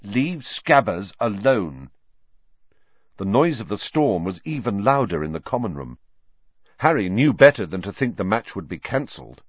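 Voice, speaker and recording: A man narrating a novel as an audiobook in an expressive storytelling way. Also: lowish voice, a little fast, breathy edge, no room sound, highs cut off. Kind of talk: scripted narration.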